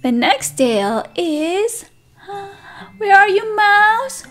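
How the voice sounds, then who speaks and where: A woman teacher reading a picture book aloud to toddlers, animated and sing-song, with excited gasps and friendly questions to the children. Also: very high-pitched, very slow, faint music behind. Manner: speaks directly to young children with questions and praise. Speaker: children's teacher and channel host. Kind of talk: read-aloud storytelling for toddlers.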